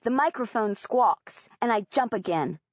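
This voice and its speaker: A woman narrates a first-person audiobook in a plain, earnest storytelling voice. The recording is close and dry with little room sound. Its tone is a touch dull in the highs. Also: animated, a little slow, no echo.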